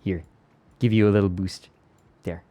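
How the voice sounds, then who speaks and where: A man streamer in casual live chat, excitable and prone to repeating words in quick bursts. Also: low-pitched.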